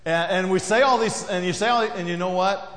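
A male pastor delivers a sermon in a slightly raised voice. He preaches conversationally, often dropping low and soft to hammer a point home. The sound rings around a roomy church hall with a long tail. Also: a little fast. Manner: conversational preaching, acts out quoted voices, drops low and quiet for emphasis. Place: church sanctuary.

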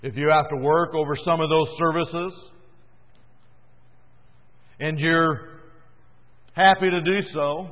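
A fervent male preacher with a fairly high voice, rising to loud emphasis and dropping to near hush. He is heard over a thin, phone-like line, with long church reverb trailing his words. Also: fairly even intonation, takes it slowly, long pauses. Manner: impassioned, swings between loud emphasis and quiet. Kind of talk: sermon. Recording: tinny echoey church recording.

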